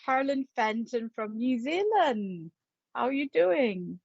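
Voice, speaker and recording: A woman hosting a psychic live stream, chatty and playful as she greets viewers. She talks slowly in a fairly high voice. The sound is dull and lo-fi, with a dry, close feel. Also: animated, creaky, darkish tone, no room sound. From England. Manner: chatty and playful, laughs often. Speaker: psychic medium and spirit artist.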